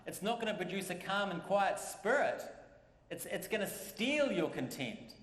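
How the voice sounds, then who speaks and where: A man's voice: sits high, big pitch swings, moderate pace, a bit bright. Man preaching in an echoey church. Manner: conversational, repeats phrases for emphasis. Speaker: pastor. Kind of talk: sermon.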